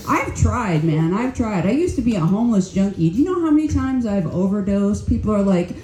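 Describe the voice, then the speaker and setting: Older woman, stand-up comic, profane and blunt, warm tone, echoey room. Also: medium pitch, animated, a little fast, hardly any pauses. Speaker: stand-up comedian. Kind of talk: stand-up comedy set. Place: comedy club stage. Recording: roomy club echo.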